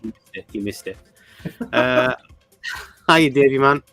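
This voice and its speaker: Casting note: man, casual stream co-host, chatty greetings, mid-pitched, faint music behind. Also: pushed and bright, no room sound. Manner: chatty, greets viewers, quick bursts. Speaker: livestream co-host. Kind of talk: casual livestream chat reading viewer comments.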